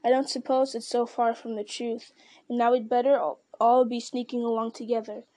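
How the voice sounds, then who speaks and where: A woman's voice: a little high, little pitch movement, normal speed, mellow, natural voice. A woman reading a blunt, loyal servant. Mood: grudging. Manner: homely, protective, a bit gruff. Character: loyal plain-spoken male servant, stubborn and blunt. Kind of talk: audiobook reading.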